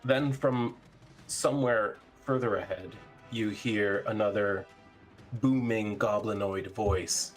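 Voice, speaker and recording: A man narrating a tabletop game as game master, relaxed, with fillers and chuckles. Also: on the low side, takes it slowly, soft background music.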